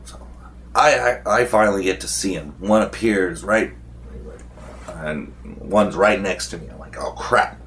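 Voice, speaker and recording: A young man with a somewhat low voice talks through a tabletop role-playing session at an unhurried, drawn-out pace. He rambles, stops to restart sentences, and slips into the voices of the game master and the other players. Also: fairly bright tone, slight background noise. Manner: rambling, with many fillers and restarts. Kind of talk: casual recap.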